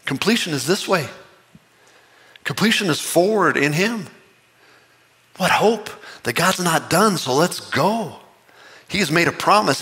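A man preaching a sermon, impassioned and earnest, with excited rising bursts. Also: on the high side, in a large hall. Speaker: pastor.

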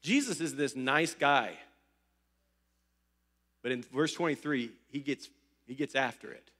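A man's voice: medium pitch, unhurried, fairly bright tone. A young man from Ohio preaching a sermon, telling stories in a conversational way with joking asides. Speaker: pastor. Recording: long hall reverb.

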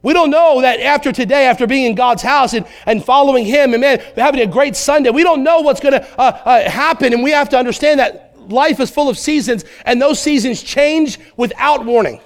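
High-voiced man preaching with energy. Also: fairly quick, few pauses. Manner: animated preaching, acts out voices and asides. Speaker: pastor. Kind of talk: sermon.

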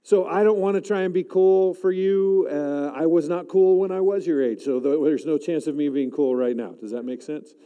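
A man in his forties preaches a chapel sermon in a mellow, fairly high voice. He pushes up loud on emphatic lines and drops low and quiet to pray, calling out to the audience for responses. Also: moderate pace, few pauses, big-room sound. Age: 40s. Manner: animated, rising loud for emphasis, dropping soft to pray; calls out to the audience. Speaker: chapel speaker.

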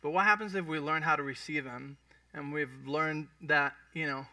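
A man's voice: fairly high pitch, steady tone, moderate pace, bright, forceful tone, no echo, far from the mic. A man preaching a sermon in a conversational way, often checking in with his congregation. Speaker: pastor. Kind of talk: sermon teaching.

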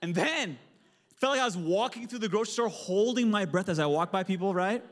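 A man, preaching a sermon in a church, telling stories with animated swings from loud to hushed. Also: high-pitched, brisk. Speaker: pastor. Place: church sanctuary. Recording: long hall reverb.

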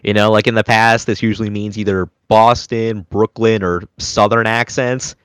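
A man's voice: lowish voice, fairly even intonation, normal speed, a bit bright, clear, resonant tone, no echo, clean studio sound. A man hosting a casual anime review podcast, recapping animatedly and slipping into goofy voices. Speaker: podcast host.

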